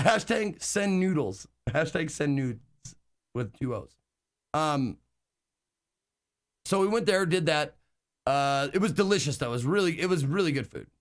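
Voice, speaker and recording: Male streamer, casual chat, rambling delivery with many fillers and casual swearing, slightly high voice. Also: fairly bright tone. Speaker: live streamer.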